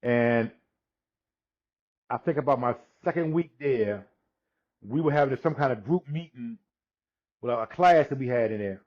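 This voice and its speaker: A man in his sixties telling his personal testimony in conversation, unhurried, acting out the dialogue he quotes, with frequent restarts. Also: mid-range voice, lively intonation. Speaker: guest sharing his testimony. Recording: dull lo-fi recording.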